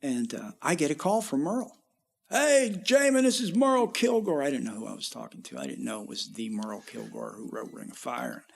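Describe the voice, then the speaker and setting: A man's voice: fairly low pitch, quick pace, creaky, hardly any pauses, breathy edge. A middle-aged man, a musician guest, telling long rambling stories in a casual interview. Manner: rambling, animated when quoting others.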